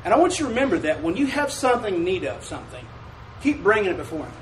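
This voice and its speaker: A high-pitched male pastor delivers a homey sermon, pausing often to draw "Amen" from the congregation. His voice echoes around a church sanctuary, heard from a little way off the mic. A faint room hum runs underneath. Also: big pitch swings, distant mic. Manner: preaching call-and-response, asking "Amen?"; drawls mock King James commandments slowly.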